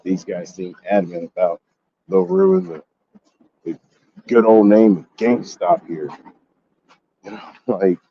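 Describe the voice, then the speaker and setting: A man's voice: deep voice, steady tone, measured pace, pauses often, breathy edge, muffled recording. A man telling a story in a casual gaming vlog, swearing and venting his frustration. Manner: profane, exasperated ranting. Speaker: gaming YouTuber.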